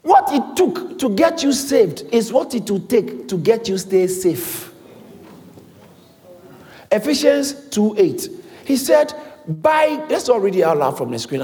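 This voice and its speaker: A man preaching a sermon in a large hall, with lively repetitions and call-and-response to the congregation. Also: high voice, moderate pace. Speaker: pastor. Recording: echoey hall.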